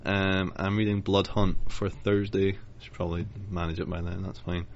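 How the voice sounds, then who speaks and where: A man's voice: low-pitched, flat delivery, normal speed. A man co-hosting a casual podcast chat, dry, blunt and sardonic. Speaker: podcast co-host. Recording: dull lo-fi sound with faint noise.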